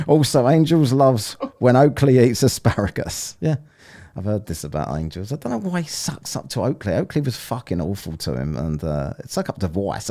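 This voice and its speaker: A man's voice: on the low side, dark tone. A man from England hosting a livestream, talking in sweary, mocking casual banter. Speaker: livestream host.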